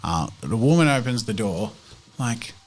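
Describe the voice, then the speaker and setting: A man's voice: medium pitch, big pitch swings, a little slow. A man narrating a tabletop role-playing game as game master, casual and rambling.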